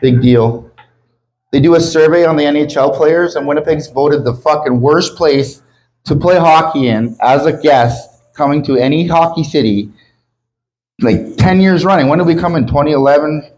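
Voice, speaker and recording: Male Canadian stand-up comic, a touch high-pitched, crude self-mocking patter full of swearing. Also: normal speed, a little mellow, low-quality recording. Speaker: stand-up comedian. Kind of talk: stand-up comedy set. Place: comedy club stage with a live audience.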